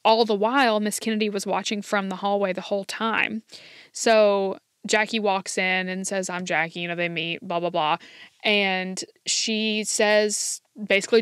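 A woman podcast host tells stories in a casual, chatty way. She acts out the quoted lines with lively turns. Her voice is mid-pitched and recorded close and dry, with no room sound. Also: moderate pace, clean tone, no echo. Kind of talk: casual storytelling.

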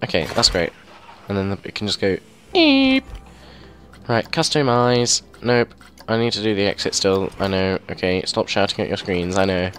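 A young man giving casual, excitable commentary as he plays a game and thinks aloud into a mic held very close to his mouth. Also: sits low, fairly quick, slight background noise. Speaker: gameplay video host.

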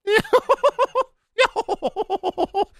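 A man doing casual, profane gaming commentary, breaking into loud angry outbursts and jokey rants. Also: very high-pitched, very slow, vocal fry, no echo, clean studio sound. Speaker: gaming streamer.

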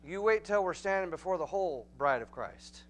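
A man with a Texan accent preaching a Bible study in a church, folksy and emphatic, building to loud, urgent peaks. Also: high-pitched, animated, fairly quick, faint music behind. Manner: folksy, emphatic, rising to near-shouting peaks. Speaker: pastor. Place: church sanctuary.

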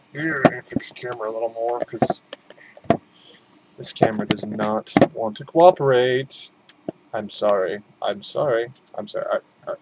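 A man's voice: mid-range voice, slight background noise, poor audio. Rambling, swearing unboxing guy. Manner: rambling, self-mocking, swears a lot. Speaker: unboxing vlogger. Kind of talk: casual unboxing commentary.

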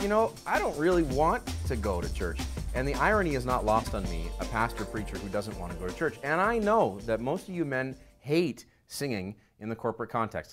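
A middle-aged man, a pastor, preaching a sermon that swings between quiet asides and loud emphasis. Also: medium pitch.

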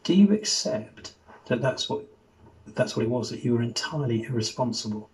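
A man's voice: mid-range voice, lively intonation, normal speed, darkish tone, rough recording. A male television interviewer asking pointed, pressing questions. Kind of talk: archive TV interview.

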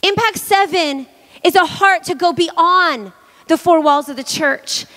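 Woman pastor from hawaii preaching, chatty and jokey, high voice, big church reverb. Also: unhurried. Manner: lively, chatty, joking with the congregation. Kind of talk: sermon. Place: church hall. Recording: long church-hall reverb.

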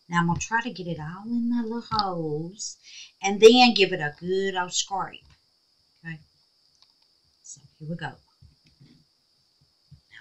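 A middle-aged woman hosting a crafting video, talking casually and excitably with many exclamations. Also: lowish voice, rough recording. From Southern United States. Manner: chatty, excitable, frequent exclamations. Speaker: resin craft video host. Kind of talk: casual crafting demo talk.

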